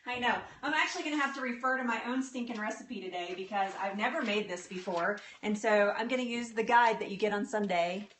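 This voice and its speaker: A woman's voice: mid-range voice, a little fast, hardly any pauses, a bit bright. A woman hosting a casual live baking demonstration from her small home kitchen. She is bubbly and chatty, laughs often, greets viewers as they join, and keeps stopping to correct herself. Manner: flustered, with frequent restarts and self-corrections. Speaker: host of a live baking demo.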